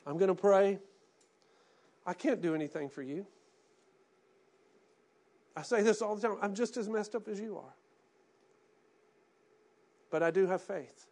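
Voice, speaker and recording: A man preaching a sermon as pastor, swinging between hushed pleading and loud impassioned cries. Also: high voice, measured pace, pauses often.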